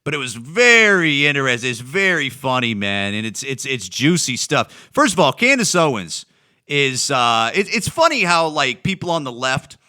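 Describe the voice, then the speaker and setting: Man from Ohio, podcast host, bright forceful voice, rambling, swearing, stuttering restarts. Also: medium pitch, very animated, normal speed. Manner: rambling, profane, stammering restarts. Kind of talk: casual opinion monologue.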